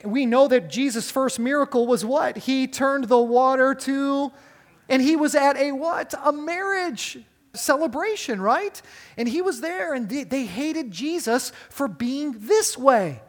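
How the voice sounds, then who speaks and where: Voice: high voice, unhurried. A preacher delivering a sermon on a Bible passage, emphatic and often asking the listeners rhetorical questions. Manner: emphatic, with wide swings in loudness.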